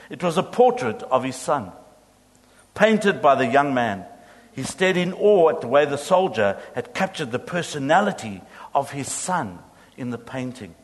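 A male pastor telling a story in a sermon and leading a prayer, slow and solemn. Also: a little high. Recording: echoey hall.

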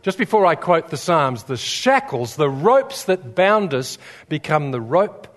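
A man's voice: fairly high pitch, very animated, a little slow. A man preaching a sermon in a church, telling stories with humor and building to fervent emphasis. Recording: long reverb in a large hall.

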